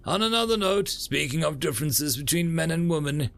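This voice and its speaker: A man voicing a young female Marine who talks in a wry, teasing way, pitched higher than his own voice. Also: lively intonation, a little fast, gravelly, a bit bright. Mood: curious.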